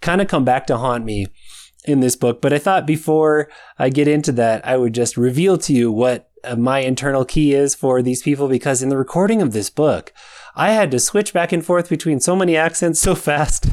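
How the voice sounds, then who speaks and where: A man's voice: medium pitch, moderate pace, darkish tone. A man with an American accent, an author chatting casually about his audiobook narration, laughing often.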